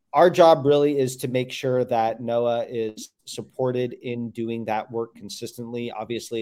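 Man, brand founder guest, casual interview, earnest, restarts sentences, mid pitch. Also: a little mellow. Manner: earnest, many restarts and "like" fillers.

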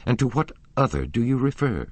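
A man's voice: medium pitch, big pitch swings, fairly quick, no echo, pitched above the performer's own voice. A man voicing a frail, secretive young woman singer in an audiobook reading, with cold, guarded replies. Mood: tense.

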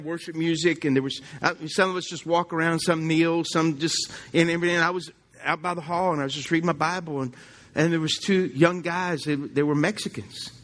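A pastor delivers a sermon in church in a high, slightly bright male voice. He keeps it conversational and asks the congregation questions.

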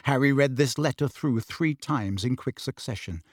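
A man narrates a fantasy novel for an audiobook, telling the scripted story expressively. His voice is mid-range at a normal speed, recorded in studio quality with no echo.

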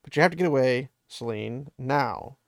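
A man's voice: medium pitch, normal speed, dry recording, clean studio sound, lightly acted. A man voicing a tense, hunted young man who speaks in urgent exclamations.

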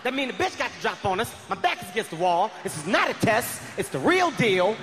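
A man in his thirties doing a loud, profane stand-up comedy routine on stage, shouting his punchlines. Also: high voice, very animated, fast talker, over music. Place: large comedy venue on stage. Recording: live hall reverb, faint crowd ambience.

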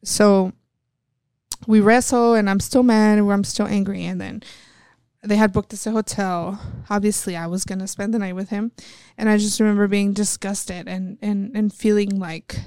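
A woman from El Paso talks frankly in an interview and retells what people said to her. Her mid-pitched voice has a gravelly, creaky edge. The sound is dry and close, with no room echo. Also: fairly even intonation, normal speed, warm tone. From El Paso, Texas. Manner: frank, plain-spoken, retells quotes in conversation. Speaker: professional wrestler, interview guest. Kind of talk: candid personal storytelling.

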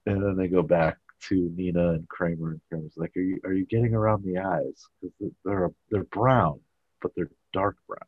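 A man's voice: low-pitched, fairly even intonation, normal speed, a little hiss or hum. Rambling man recapping a sitcom. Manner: rambling, filler-heavy storytelling. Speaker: podcast host. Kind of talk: casual show recap. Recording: dull, dry audio.

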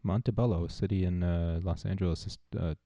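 A man's voice: low-pitched, fairly even intonation, a little fast, mellow, dry recording. A man co-hosting a podcast, dropping in dry quips and short facts during casual chat. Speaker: podcast co-host. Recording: dull lo-fi sound.

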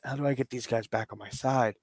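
A man voicing a bewildered young wrestler who speaks softly and uncertainly. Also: mid-range voice, fairly even intonation, brisk, no room sound, studio quality, natural voice. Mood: confused. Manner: soft, bewildered.

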